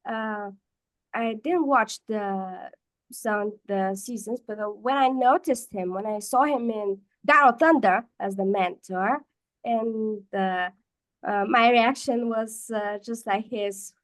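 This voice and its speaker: A woman sharing memories in a casual group chat, halting with many hesitant pauses. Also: on the high side. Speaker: guest participant.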